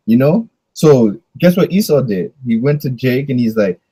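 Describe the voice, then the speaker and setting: Man, discussion leader, casual preachy delivery with rhetorical questions, mellow husky tone. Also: mid-range voice, sing-song, moderate pace, hardly any pauses, no echo, rough recording.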